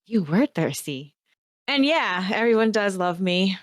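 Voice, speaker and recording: A woman's voice: medium pitch, sing-song, unhurried, dry recording, studio quality. Wry woman playing a tabletop game. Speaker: player.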